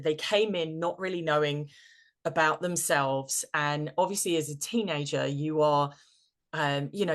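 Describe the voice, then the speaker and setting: A middle-aged woman talking as a guest in a casual podcast interview, chatty and enthusiastic, laughing easily. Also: deep voice. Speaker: guest, business coach.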